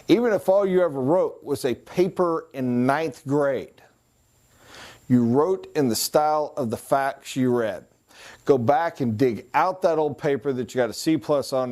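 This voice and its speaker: This recorded training lecture features a man with a medium-pitched, slightly mellow voice teaching sales in a conversational way. To make points he adopts voices and accents, and now and then he stops to write on a board.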